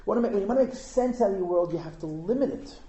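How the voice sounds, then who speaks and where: A man teaching at an informal Hasidic gathering, an animated storyteller who fires rhetorical questions and chuckles at his own asides. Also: sits high, racing. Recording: echoey room.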